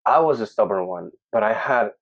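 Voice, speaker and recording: A young man from Peru, a podcast guest telling a personal story in casual, animated talk, acting out the voices of people he quotes. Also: on the low side, a little fast, no room sound.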